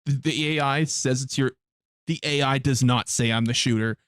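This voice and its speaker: A man's voice: mid-range voice, fairly even intonation, moderate pace, fairly bright tone, dry recording, clean studio sound. A man streaming a game live, chatting casually with his viewers in blunt, heavily profane rants. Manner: blunt, profane ranting to chat.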